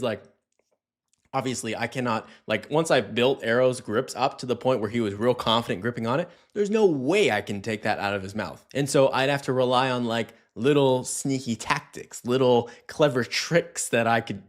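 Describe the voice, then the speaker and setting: A man giving a casual, conversational dog training lesson, often checking in with "right?" and acting out little scenes. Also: medium pitch. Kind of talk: casual instructional talk.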